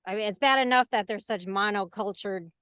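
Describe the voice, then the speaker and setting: A woman co-owner joins a casual interview and adds her own thoughtful points. Her voice is smooth and clear at a middle pitch. The sound is dry and close. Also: a little fast, a bit bright, no echo. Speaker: lawn renovation business co-owner.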